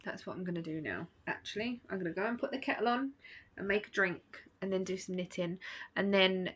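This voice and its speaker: A woman's voice: medium pitch, brisk, breathy edge. A woman vlogging at home in a casual, rambling chat, sleepy and yawning. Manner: chatty, rambling, with fillers and small laughs.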